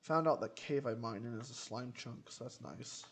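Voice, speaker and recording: A man's voice: medium pitch, normal speed, a bit bright. A man streaming a game, rambling to himself as he plays and trailing off mid-word. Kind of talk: casual gameplay commentary. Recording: noisy game stream audio.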